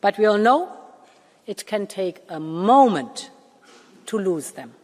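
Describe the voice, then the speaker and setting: Woman giving a measured speech in a reverberant hall. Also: mid-range voice, sing-song, darkish tone. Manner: measured, emphatic, with deliberate pauses. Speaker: Commission president addressing parliament. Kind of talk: formal political speech. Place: large parliament chamber. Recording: long reverb of a large hall.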